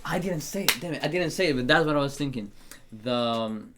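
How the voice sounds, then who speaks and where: A man's voice: a little high, lively intonation, a little fast, noisy background. A man co-hosting a music reaction show in easygoing, chatty conversation. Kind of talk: casual music review chat.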